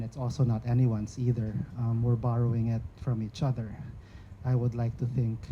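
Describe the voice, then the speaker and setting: Muffled Filipino man, mellow and chatty. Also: mid-range voice. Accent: Filipino English. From Philippines. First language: Cebuano. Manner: reflective, chatty, many fillers. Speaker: panelist poet. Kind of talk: panel discussion. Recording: slightly muffled with faint noise.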